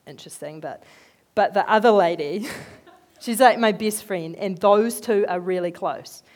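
A woman giving a conversational sermon, telling animated, chatty stories in an everyday voice. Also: on the low side. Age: adult, working as a head teacher. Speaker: lay speaker giving a talk.

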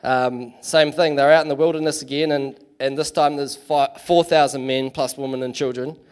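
A man's voice: medium pitch, fairly even intonation, normal speed, smooth. A man giving a casual, chatty sermon in church, full of fillers and self-deprecating asides. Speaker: preacher.

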